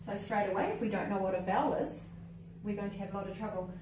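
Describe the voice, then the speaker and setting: A literacy trainer runs a hands-on teaching workshop, talking fast at a medium pitch and staying upbeat while she keeps checking in with "okay?" and "cool?" The room is echoey, the mic sits at a distance, and there's faint background noise.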